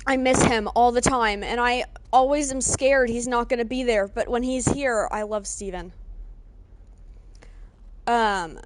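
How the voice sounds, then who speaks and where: Excitable woman streamer, fairly high voice. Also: no room sound. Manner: excitable, greets chat warmly. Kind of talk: casual live-stream chat.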